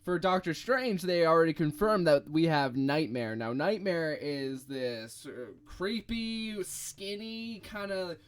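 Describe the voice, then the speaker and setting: Young guy cohosting a podcast, kinda high voice, animated, lots of ums. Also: slow, few pauses, clean tone. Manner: animated, thinks aloud with fillers. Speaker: podcast co-host. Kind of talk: casual chat.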